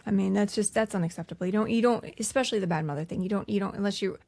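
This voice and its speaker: A woman's voice: medium pitch, very fast, a little mellow. A young adult woman co-hosting a casual podcast, recapping a film's scenes in a blunt, slangy way. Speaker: podcast co-host. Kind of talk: casual film rewatch chat.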